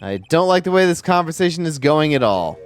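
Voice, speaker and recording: A man's voice: fairly high pitch, very animated, fairly quick. A man voicing a cold, haughty male prosecutor with a clipped, stern delivery.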